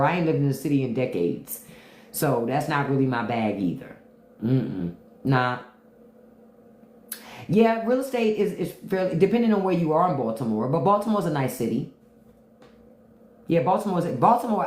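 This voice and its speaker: A low-voiced woman with a D.C. chats candidly on a livestream, her pitch swinging up and down as she talks. She laughs often and drops into imitations of how people speak in other cities. The room is echoey around her. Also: big pitch swings, fairly quick, darkish tone. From Washington, D.C. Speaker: podcast host on a livestream. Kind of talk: casual livestream chat answering viewers.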